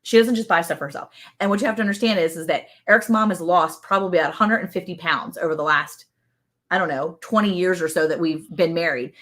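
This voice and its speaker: A woman in her forties with a Southern drawl chats on a livestream. She is an animated storyteller who keeps stopping to greet viewers by name. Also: lowish voice, fast. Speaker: livestream co-host. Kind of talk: casual livestream chat.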